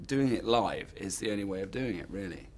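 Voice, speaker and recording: Dry teasing low-voiced actor. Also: male voice, lively intonation, brisk, slight background noise. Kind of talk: casual banter.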